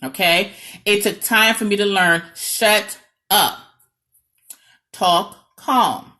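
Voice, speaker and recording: Animated New York woman giving advice. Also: medium pitch, takes it slowly. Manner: animated, dramatic and sarcastic, checks in with "okay?". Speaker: marriage coach. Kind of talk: direct-to-camera advice talk.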